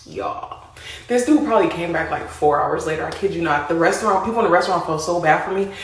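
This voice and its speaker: A woman casually telling a story to her viewers, animated and speaking to them as y'all. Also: lowish voice, fast talker. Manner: animated, addresses listeners as y'all. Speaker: storyteller in a played clip. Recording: roomy echo.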